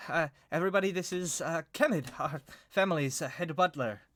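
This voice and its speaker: Skittish young aristocrat, pitched up, giggly and halting, played by a man; tabletop game. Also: fairly bright tone, lightly acted. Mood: nervous cheer. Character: nervous young nobleman afraid of his butler.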